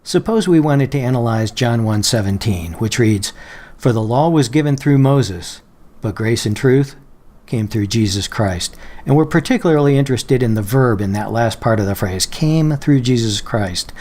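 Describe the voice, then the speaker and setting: A man calmly walking viewers through a software feature in a screen-recorded tutorial, slowing down on quoted phrases and examples. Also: mid-range voice. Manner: patient, explanatory, slows down on quoted phrases. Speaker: Bible software tutorial presenter. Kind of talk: screen-share software walkthrough.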